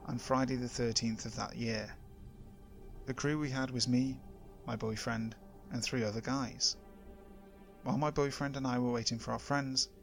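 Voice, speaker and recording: A man's voice: medium pitch, creaky, bright, forceful tone. Man narrating horror stories over music.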